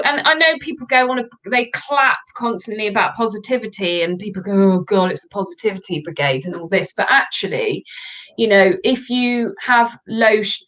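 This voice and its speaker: A woman guest in a casual chat, telling personal stories in an animated, candid way. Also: fairly high pitch. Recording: dull lo-fi audio.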